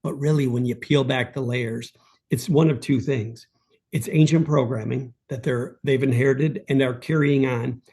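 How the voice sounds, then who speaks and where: A man who is a guest coach in an interview, speaking in a calm, measured, emphatic way and repeating words for weight. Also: medium pitch, vocal fry, breathy edge. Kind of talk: interview conversation.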